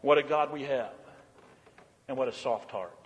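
A man preaching a sermon, swinging between loud, emphatic declarations and soft, hushed tenderness, repeating phrases for emphasis. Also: mid-range voice, normal speed, long reverb tail, dull audio. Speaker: pastor. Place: church.

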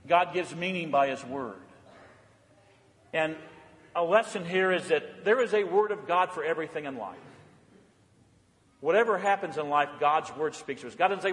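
High-voiced preacher guy, goes from loud to real quiet, long church echo. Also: normal speed. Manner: swings from loud emphatic preaching to soft hushed tones. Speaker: pastor. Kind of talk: sermon.

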